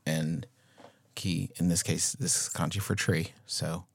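A man's voice: deep voice, steady tone, unhurried, gravelly, husky, dry recording, clean studio sound. A man co-hosting a podcast, chiming in with playful, wry remarks. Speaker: podcast co-host. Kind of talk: casual podcast chat.

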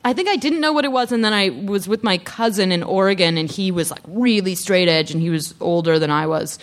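A woman's voice: mid-range voice, a little fast. A woman in her thirties chatting and telling rambling stories with laughs as a guest on a live podcast stage. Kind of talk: casual chat on stage.

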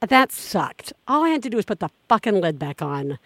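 A woman hosting a podcast, telling stories in casual chat, animated and swearing freely. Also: mid-range voice, normal speed. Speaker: podcast host.

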